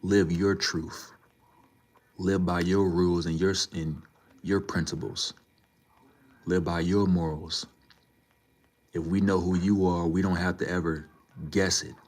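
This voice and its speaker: A man with a very low voice talks to his live viewers. He lectures in an emphatic way and repeats his points again and again, in a loose and casual manner. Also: little pitch movement, unhurried, long pauses, a little mellow. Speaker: livestreamer. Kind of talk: casual live-stream talk to chat.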